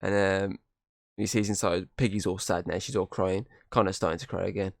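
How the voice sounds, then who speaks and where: A man's voice: sits low, steady tone, a little fast, creaky, no room sound, clean studio sound. A man hosting a podcast, casually recapping a film and slipping into quoted lines from the characters. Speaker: podcast host.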